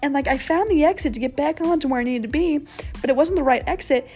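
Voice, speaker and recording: A woman's voice: high voice, fast, a little mellow, faint music behind. A young woman hosting a podcast, telling a rambling story in a casual chat style, full of "like" and quoted asides, swearing now and then. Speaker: podcast host.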